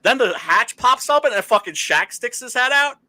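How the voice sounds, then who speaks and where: A man's voice: very high voice, normal speed. A man chatting casually about movies, swearing freely, laughing often and filling his talk with "uh" and "like". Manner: animated, profane, laughing storyteller with many fillers. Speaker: podcast host.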